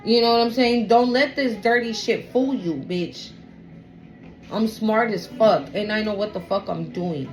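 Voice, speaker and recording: A woman's voice: mid-range voice, unhurried, faint music behind, low-quality recording. A woman reading tarot for a collective, casually retelling a story with lots of swearing and a habit of asking "right?". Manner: chatty, profane, keeps asking "right?". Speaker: tarot reader addressing a collective.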